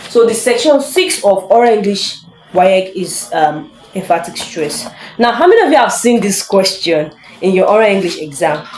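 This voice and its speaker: A woman teaching English in a casual online lesson, chatty, laughing often and reading examples slowly for emphasis. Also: medium pitch, very animated, darkish tone. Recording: echoey room.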